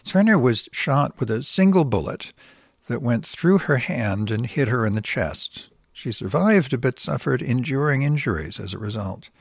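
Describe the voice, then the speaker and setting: Gravelly man reading the news. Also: mid-range voice, expressive, normal speed, no room sound, studio quality. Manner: blunt, wry asides. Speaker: news commentator. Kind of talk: reading news articles aloud with commentary.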